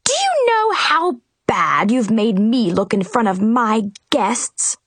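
Woman as a shrieking vain storybook queen, high and furious. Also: big pitch swings, slow pace, fairly bright tone, slightly rough, dry recording, heavily acted.

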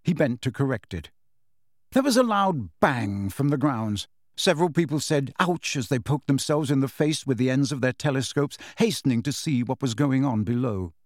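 In clean studio sound with no room sound, a man of medium pitch reads a scripted audiobook aloud. His delivery as narrator is measured and expressive.

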